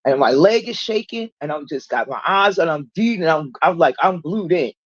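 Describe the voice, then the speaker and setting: Animated blunt woman telling her story. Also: moderate pace, no echo, dull audio. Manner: animated, acts out quoted people in raised pitch, blunt and profane. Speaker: channel regular telling her recovery story. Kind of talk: casual livestream storytelling.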